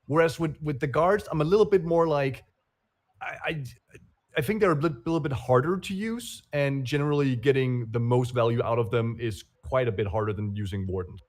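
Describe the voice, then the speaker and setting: A man's voice: mid-range voice, fairly quick. A man talking as a guest on a casual livestream, hesitant and self-deprecating, with frequent fillers and restarts. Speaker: guest player.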